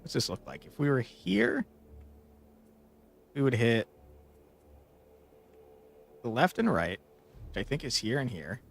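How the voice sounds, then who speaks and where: Gravelly young man narrating his gameplay. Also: medium pitch, wildly swooping pitch, slow, long pauses, slight background noise. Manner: playful, swears freely, mock outrage. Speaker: gaming streamer. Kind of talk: casual gameplay commentary. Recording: faint background game music.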